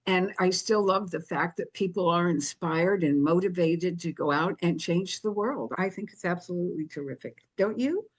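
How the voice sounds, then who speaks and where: A woman's voice: lowish voice, normal speed, hardly any pauses. An older woman telling her story in an interview, animating it by acting out the dialogue she quotes. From United States. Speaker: guest, activist founder.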